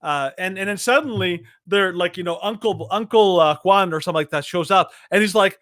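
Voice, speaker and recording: A man co-hosting a podcast in casual opinion chat, halting with many fillers and restarts, getting animated when he mocks something. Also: high-pitched, no echo, studio quality. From Latino heritage. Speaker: podcast co-host.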